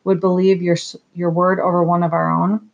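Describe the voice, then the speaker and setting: A proud young princess giving orders in formal, imperious speech, as a reader voices her. The voice is gravelly and mid-pitched. The recording is slightly muffled. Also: flat delivery, moderate pace, natural voice. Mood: commanding.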